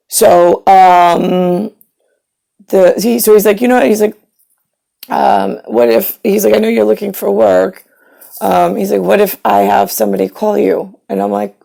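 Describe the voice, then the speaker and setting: Woman vlogger, gravelly and mellow, bitter sarcastic rant with swearing. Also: mid-range voice, a little slow. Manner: bitter, profane, sarcastic storytelling. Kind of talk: ranting personal monologue.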